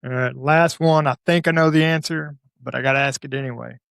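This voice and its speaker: A man hosting a podcast, asking questions in a relaxed, agreeable way. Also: medium pitch, fairly quick, creaky, dry recording, clean studio sound. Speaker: podcast host. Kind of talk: casual interview.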